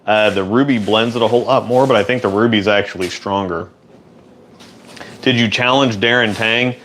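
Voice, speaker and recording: Low-voiced man chatting casually in a shop. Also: moderate pace, slight background noise. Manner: relaxed, rambling, chatty. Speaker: host. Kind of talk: casual chat answering viewer questions. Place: indoor workshop.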